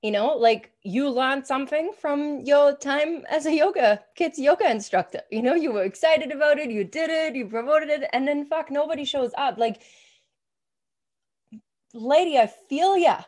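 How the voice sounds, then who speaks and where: A young adult woman co-hosting a casual podcast as a business coach, energetic and swearing freely, with lots of "like" fillers. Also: sits high, moderate pace.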